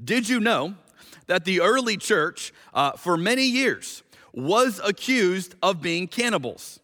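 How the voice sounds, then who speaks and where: A male pastor preaching a sermon in a conversational, animated way, reading scripture slowly and with emphasis. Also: sits high, in a large hall.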